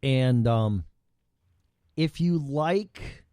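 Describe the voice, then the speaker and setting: Man hosting a talk show, mellow voice, dry sound, rambling, swears a lot. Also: mid-range voice, animated, drawn-out words, clear, resonant tone, dry recording. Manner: rambling, profane, with frequent restarts. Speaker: show host. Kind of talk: casual podcast chat.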